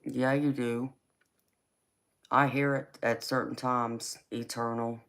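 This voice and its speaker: A woman's voice: extremely low pitch, slow pace. A woman with a Southern accent from Georgia, chatting casually and drawling on a livestream as she answers viewers. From California. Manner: drawling, relaxed, calls people baby. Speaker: tarot reader on a livestream. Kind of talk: casual live chat reading viewer comments.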